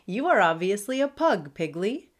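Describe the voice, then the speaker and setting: A woman's voice: medium pitch, sing-song, normal speed. A woman voicing a fancy, prissy female pug pirate who shows off and sounds pleased with herself. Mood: haughty.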